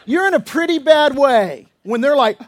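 A pastor with an extremely high-pitched, lively voice preaches an expository sermon at normal speed. He explains scripture conversationally, adding humorous asides and acting out dialogue.

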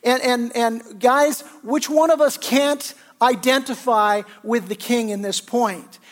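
A man's voice: extremely high pitch, steady tone, slow pace. A male pastor preaching a sermon in an earnest, conversational way, often restarting his sentences.

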